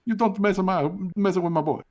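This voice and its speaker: A man's voice: high voice, fairly quick, a little mellow, voice pushed up, close to an everyday voice. A man doing an angry wraith father. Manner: gruff, indignant threats.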